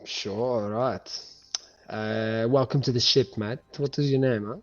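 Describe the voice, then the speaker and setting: A man's voice: mid-range voice, steady tone, slow pace, natural voice. A man doing a jolly orange-bearded sailor. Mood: teasing. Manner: teasing, breezy. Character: bulky orange-bearded human sailor, jokey. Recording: muffled lo-fi with faint music.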